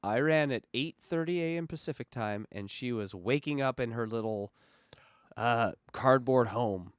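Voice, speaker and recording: A man's voice: mid-range voice, moderate pace, clear, resonant tone, no room sound, studio quality. A man co-hosting a casual comedic podcast, laughing often and slipping into quoted voices. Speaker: podcast co-host.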